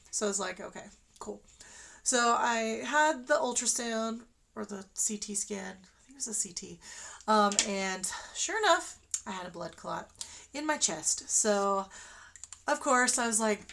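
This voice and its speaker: A woman's voice: medium pitch, animated, a little slow, vocal fry, a bit bright. A woman telling her own story on a livestream in a chatty, rambling way, full of fillers and restarts. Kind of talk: casual personal storytelling.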